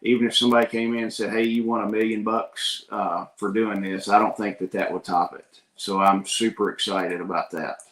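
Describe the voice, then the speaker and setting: A man's voice: on the low side, little pitch movement, a little fast, few pauses, a bit bright, echoey room, low-quality recording. A man telling a story casually, folksy and earnest, often saying "I was like".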